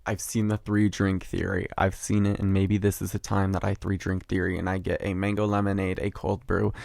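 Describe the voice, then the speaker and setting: A man's voice: deep voice, vocal fry, darkish tone, no room sound, clean studio sound. A young man hosting a podcast, telling a story in a chatty, dramatic, slangy way with plenty of swearing. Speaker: podcast host. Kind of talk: casual storytelling monologue.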